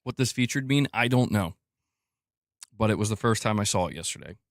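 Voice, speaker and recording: On a gaming news live stream, this podcast host talks fairly quickly in a lowish voice. He's animated as he chats casually and reads viewers' comments out loud to the chat. The recording is dry and studio quality.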